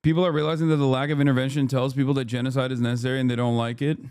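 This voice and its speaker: A man's voice: mid-range voice, flat delivery, racing, darkish tone, smooth, dry recording, studio quality. A man streaming, giving blunt, heated political commentary in a casual way with plenty of swearing.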